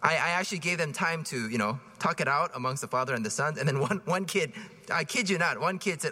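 A man's voice: a little high, fast, bright, forceful tone, big-room sound. A man preaching a homily in a casual, joking way, often acting out voices. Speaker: priest.

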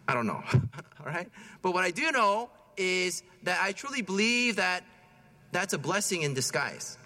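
A man's voice: high voice, very animated, moderate pace, sharp tone. A man in his thirties, a parish priest giving a conversational homily, telling a personal story and often checking in with "right?". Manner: chatty storytelling, often asks "right?", chuckles at himself. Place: church. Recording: long church reverb.

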